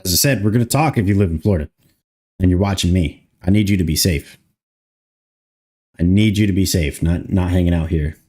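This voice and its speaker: Streamer: man, somewhat low voice, mutters and swears while debugging live. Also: a little fast, long pauses, a little mellow, breathy edge. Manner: thinking aloud, muttering, swears casually. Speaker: streamer coding a game mod. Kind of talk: casual livestream chat while coding.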